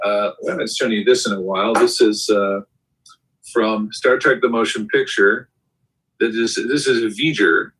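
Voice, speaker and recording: Rambling middle-aged male storyteller, low voice. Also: steady tone, a little slow, fairly bright tone. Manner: rambling storyteller who mimics voices in quotes. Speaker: co-host. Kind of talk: casual chat and anecdote. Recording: voice a bit far from the mic.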